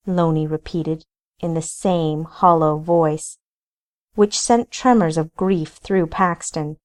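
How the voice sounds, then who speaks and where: A woman, the author, reading her own novel aloud in deliberate audiobook narration. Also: deep voice, fairly even intonation, a little mellow.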